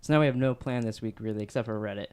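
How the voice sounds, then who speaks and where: A young man hosting a casual podcast chat, telling stories in an animated, defensive way. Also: on the low side, rapid-fire, smooth. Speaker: podcast host.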